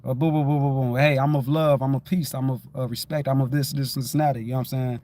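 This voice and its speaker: Speaking fast in a warm, medium-pitched voice with a level tone, this Detroit man hosts a loose, conversational spiritual livestream. He rambles in a laid-back way and keeps dropping "you know what I'm saying."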